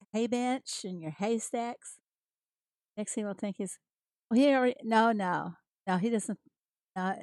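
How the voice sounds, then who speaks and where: Her mid-range voice sounds a little mellow on this dry recording. She's an American streamer playing a farming game, laughing a lot and welcoming viewers by name in relaxed livestream chatter.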